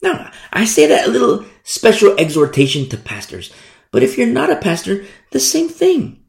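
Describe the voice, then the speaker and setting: Man, pastor, preaching sermon, gravelly voice, echoey room. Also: sits high, wildly swooping pitch, moderate pace. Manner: preaching, repetitive, emphatic rhetorical questions.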